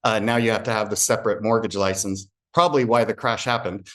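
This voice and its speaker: A man's voice: on the low side, fairly even intonation, fast talker, fairly bright tone. Man telling a heartfelt personal story. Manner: earnest storytelling, acting out remembered dialogue. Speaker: real estate agent giving a presentation. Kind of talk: personal story told to a group.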